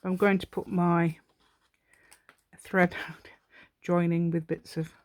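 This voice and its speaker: A woman's voice: on the low side, level tone, slow, no room sound. A woman hosting a step-by-step craft tutorial, chatting to herself and the viewer with rambling, giggly asides. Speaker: craft channel host.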